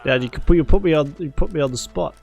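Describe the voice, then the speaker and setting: Stuffy-nosed gravelly male streamer. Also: on the high side, fast, darkish tone. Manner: chatty, self-deprecating, laughs often. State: stuffy nose. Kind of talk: casual live gameplay commentary. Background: game music.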